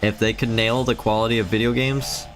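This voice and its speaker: Male streamer, lowish voice, chatty, reads chat aloud, soft music underneath. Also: level tone, a little fast. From Philippines. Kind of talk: casual live-stream chat.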